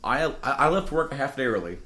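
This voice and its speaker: A man's voice: medium pitch, expressive, quick pace, sharp tone. A man hosting a gaming podcast in a studio, talking in a loose, rambling way. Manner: rambling, drinking beer while talking. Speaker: podcast host. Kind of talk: casual chat.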